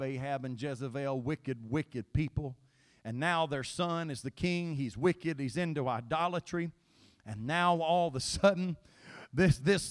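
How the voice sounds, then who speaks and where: A male pastor with a voice on the high side preaches a sermon that swings between quiet Bible reading and shouted, pleading appeals.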